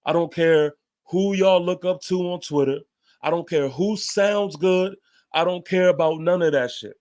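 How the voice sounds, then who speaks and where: A man's voice: high voice, unhurried, a little mellow. A man hosting a fan show, giving a heated, emphatic post-game rant with casual swearing and repeated points.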